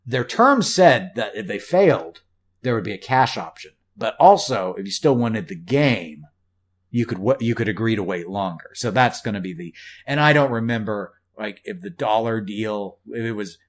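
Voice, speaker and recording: A man's voice: lowish voice, lively intonation, normal speed. A man co-hosting a laid-back podcast, chatting at length in a rambling way. He drops wry asides and often restarts his sentences. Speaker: podcast co-host. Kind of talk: casual podcast chat.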